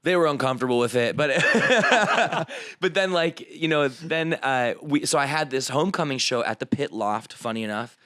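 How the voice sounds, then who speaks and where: A man's voice: mid-range voice, moderate pace, no room sound. A man in his thirties from the Chicago area, a comedian guest telling stories with frequent laughs in casual podcast chat. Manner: animated storyteller, laughs often.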